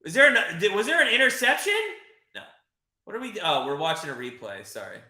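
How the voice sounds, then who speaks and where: Male streamer host, excitable live play-by-play chatter, bright forceful voice, roomy echo. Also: sits high, a little fast. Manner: excitable, chatty, swears, reads chat. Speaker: livestream host. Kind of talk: live watch-party commentary.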